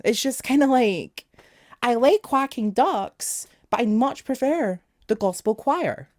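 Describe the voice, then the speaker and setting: A man's voice: extremely high pitch, big pitch swings, slow pace, darkish tone, no room sound, studio quality. Sarcastic young man reviewing an album. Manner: sarcastic, exasperated and joking. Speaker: music reviewer. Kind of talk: casual album review vlog.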